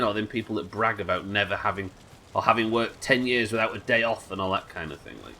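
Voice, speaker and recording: Sweary Yorkshire streamer, lowish voice. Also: male voice, fast talker, pushed and bright, a little hiss or hum. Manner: chatty, sweary, laughing. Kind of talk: casual live-stream chat while gaming.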